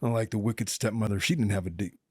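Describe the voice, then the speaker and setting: A man's voice: on the low side, fast, husky, no room sound, clean studio sound. A middle-aged man hosting a podcast, chatting casually and telling jokey stories from his family and law work. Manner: joking, animated storyteller. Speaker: podcast host, lawyer.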